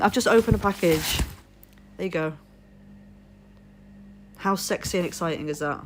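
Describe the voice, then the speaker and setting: A woman's voice: lowish voice, normal speed, pauses often, slight background noise. A woman from Leeds, England with a posh English accent, chatting on a live stream and telling rambling stories full of swearing. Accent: posh southern English. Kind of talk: casual chat.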